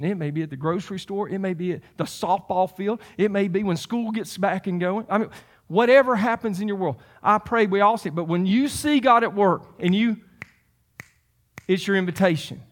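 A man's voice: sits high, a little fast. A man in his fifties preaching a sermon, emphatic and repeating phrases for stress. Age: 50s. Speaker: pastor.

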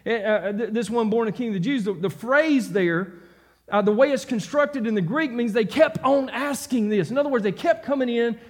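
A man. He drives his points home by repeating short phrases and swinging between fiery declarations and quiet, earnest pleas to the congregation. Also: extremely high pitch, normal speed. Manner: impassioned preaching, repeats phrases for emphasis. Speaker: pastor. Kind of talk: sermon. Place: church sanctuary.

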